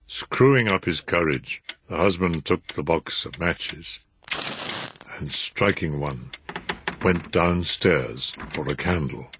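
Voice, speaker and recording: A man narrating a story in an expressive, measured reading. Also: sits low, noisy background. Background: music.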